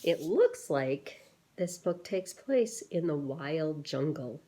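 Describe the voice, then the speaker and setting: A woman, a teacher, reading a picture book aloud to children, gently pausing to ask questions and wonder aloud. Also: sits low, expressive.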